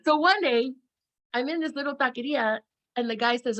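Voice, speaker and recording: A middle-aged woman from California, a self-help speaker telling a personal story in a casual, animated way and acting out the people she quotes. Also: sits high, normal speed. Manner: animated, acts out quotes, frequent laughs.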